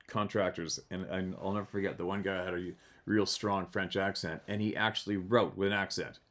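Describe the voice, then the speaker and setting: Man reading listener emails aloud, low voice. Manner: relaxed, chatty, chuckles between readings. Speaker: podcast host.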